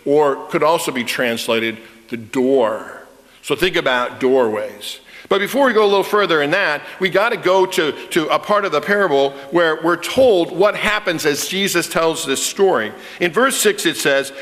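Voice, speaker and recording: A man preaching a sermon as a pastor, telling stories in an animated way and repeating words as he starts phrases. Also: a little high, measured pace. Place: church sanctuary. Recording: reverberant church sanctuary.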